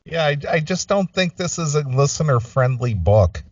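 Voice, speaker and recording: A man's voice: on the high side, lively intonation, moderate pace, dry recording. Man co-host, distant and dull mic. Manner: short, dry reactions and laughs. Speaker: podcast co-host. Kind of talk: casual chat.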